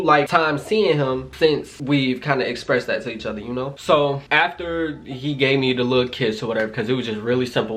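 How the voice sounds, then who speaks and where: A young man talks through a personal story in a loose, conversational way. He slips into the dialogue of the people involved, peppering it with "like" and "y'all." His voice sits in an ordinary middle pitch. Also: fairly bright tone. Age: young adult. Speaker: vlogger. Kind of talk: casual storytime.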